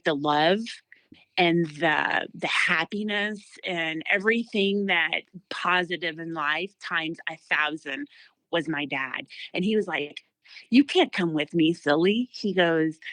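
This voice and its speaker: A woman's voice: lowish voice, a bit bright, no room sound. A woman in her thirties telling an emotional personal story as an interview guest, with many fillers and restarts.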